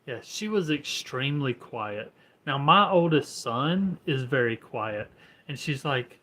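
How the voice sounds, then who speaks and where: A man's voice: mid-range voice, lively intonation, measured pace, fairly bright tone, a little hiss or hum, rough recording. A man chatting casually at home, easygoing with dry humor. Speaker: homesteading vlogger. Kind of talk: casual chat.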